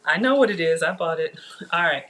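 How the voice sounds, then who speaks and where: A woman's voice: lowish voice, expressive, brisk, fairly bright tone, slight background noise. A middle-aged woman hosting a casual live cooking demo from her home kitchen, talking to viewers in a chatty, digressive way. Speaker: cooking show host.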